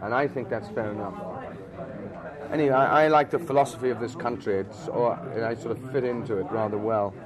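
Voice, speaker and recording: A man's voice: medium pitch, steady tone, brisk. Chatty man in a noisy restaurant. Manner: chatty, frank, repeats words when starting, fills gaps with "you know". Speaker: actor, interview guest. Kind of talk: relaxed conversational interview. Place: busy restaurant. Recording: loud crowd chatter behind.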